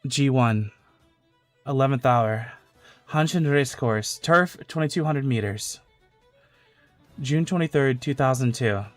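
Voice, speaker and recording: At home at his streaming setup, a male streamer chats loosely and swears freely, then reads fan fiction aloud. His medium-pitched voice moves at a measured pace with long pauses, faint music playing behind.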